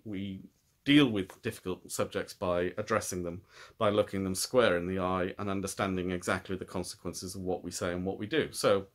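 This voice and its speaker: A British man hosting a knitting podcast, talking in a thoughtful, rambling way with frequent restarts. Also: low voice. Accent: British English. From United Kingdom. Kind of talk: casual chat.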